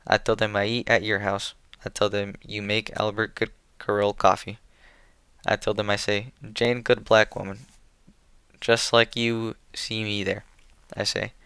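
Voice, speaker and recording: A man reading as a halting old patrolman. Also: on the low side, a bit bright, smooth, dry recording. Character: old white man, a fearful reluctant killer. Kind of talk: audiobook character reading.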